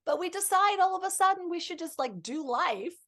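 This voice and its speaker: This podcast guest, a fifties-aged marriage and family therapist, shares sincere reflections in a candid interview. Her pitch is extremely high and her tone fairly bright, with lively intonation and a brisk delivery.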